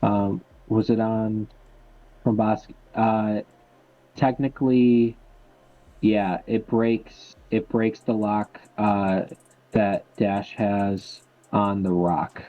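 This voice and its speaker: A man's voice: fairly low pitch, steady tone, extremely slow, warm tone. A man giving color commentary on a tabletop miniatures game, hesitant and full of ums and uhs. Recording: dull lo-fi mic.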